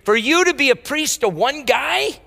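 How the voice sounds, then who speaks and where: Animated preacher in an echoey hall. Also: male voice, very high-pitched, moderate pace, creaky. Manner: animated storytelling, acts out biblical characters in casual speech. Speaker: pastor. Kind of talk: sermon.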